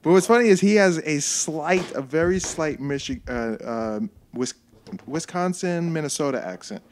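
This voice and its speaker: A man from California rambles through casual watch-along commentary on old fight footage. He laughs at his own jokes and trails off mid-thought in a mid-pitched voice. Steady noise and clicks run under the recording.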